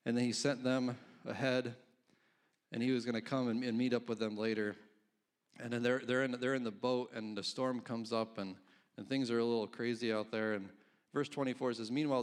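A man preaching a casual, conversational sermon, reading scripture aloud and chuckling between points. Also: mid-range voice. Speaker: pastor.

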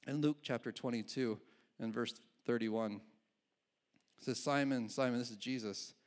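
A man's voice: mid-range voice, fairly even intonation, normal speed. A male pastor giving a conversational sermon, often restarting his phrases and chuckling at his own asides.

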